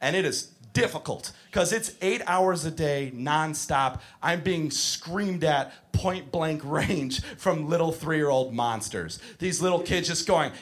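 A man's voice: on the high side, slow pace, hardly any pauses, a bit bright. A man doing stand-up comedy in an exasperated, profane ranting manner.

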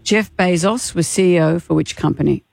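A woman with an Australian accent hosting a radio quiz in a studio, encouraging the caller and reading the questions briskly. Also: lowish voice, creaky, darkish tone, dry recording, faint music behind. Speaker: radio host, quiz master.

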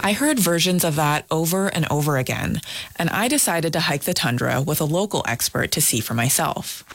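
A woman reporter narrating a scripted radio feature in a lively, storytelling way. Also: sits low, normal speed.

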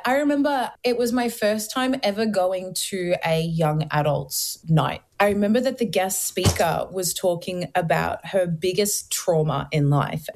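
A young adult woman, a guest on a faith talk show, tells her personal testimony in an earnest, lively way, full of casual fillers. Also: mid-range voice.

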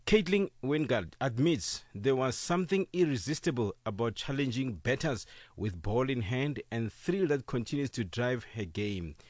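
A man presenting a scripted radio sports bulletin in a measured, formal delivery. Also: mid-range voice, animated, a little mellow, no echo, studio quality. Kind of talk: scripted news reading. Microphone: dry studio mic.

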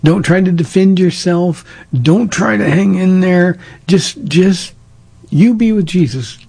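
Gravelly, husky-voiced man pastor. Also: sits high, slow, dark tone. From Southern California. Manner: plain-spoken and direct, telling stories. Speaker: pastor answering listener questions. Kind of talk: casual call-in advice talk.

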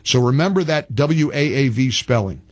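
A man's voice: medium pitch, moderate pace, no room sound. A man reading a sponsor ad on his radio show, enthusiastic with stumbling restarts. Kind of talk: host-read ad.

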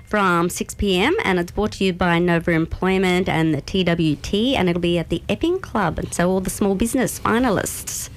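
A woman reads local event listings on community radio. Her voice sits a little low, and she runs through dates and venues briskly. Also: slight background noise.

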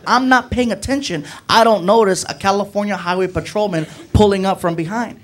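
High-voiced animated stand-up comedian man. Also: a little fast, hardly any pauses. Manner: animated, swings to shouting. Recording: noisy live recording.

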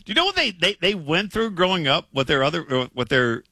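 Male sports radio co-host, bright forward voice with lots of pitch movement, teasing and lively. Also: fairly quick, dry recording. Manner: lively, teasing, talks in bursts. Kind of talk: casual sports talk. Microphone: studio microphone.

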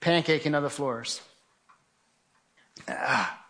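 A man's voice: on the high side, slow pace, a bit bright. A middle-aged man giving an earnest spoken testimony to an audience, telling his story in a direct, conversational way. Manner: earnest storytelling, addresses listeners as guys. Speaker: guest speaker.

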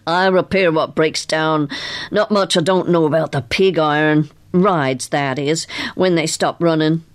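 A woman voicing a toothless older carnival mechanic who talks in rough, plainspoken country grammar. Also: low voice, fairly even intonation, a little slow. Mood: folksy.

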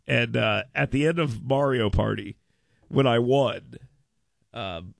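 A man hosting a radio talk show, excitable and mock-dramatic, stumbling over repeated words in comedic chat. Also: medium pitch, gravelly, no echo, clean studio sound.

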